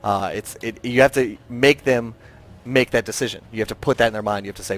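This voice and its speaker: Excitable male esports play-by-play caster. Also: brisk. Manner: excitable, rising pitch in big plays. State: tired. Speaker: esports commentator.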